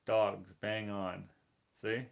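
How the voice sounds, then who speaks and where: Man from Canada, live-stream artist; low and gravelly, rambling chat that reads comments aloud. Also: little pitch movement, very slow. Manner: rambling, self-interrupting, easygoing. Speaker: finger painter streaming live.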